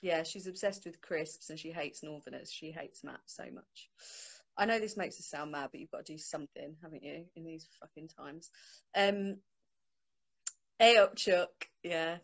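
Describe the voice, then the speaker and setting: A woman's voice: low-pitched, normal speed, vocal fry. A young woman hosting her own book launch from home, chatting informally on a phone live stream. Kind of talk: casual live-stream chat. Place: home, on a sofa.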